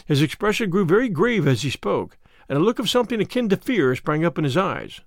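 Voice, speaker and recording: A man narrating a classic story in an expressive, measured reading. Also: high voice, no echo, studio quality. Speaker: audiobook narrator. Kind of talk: scripted narration.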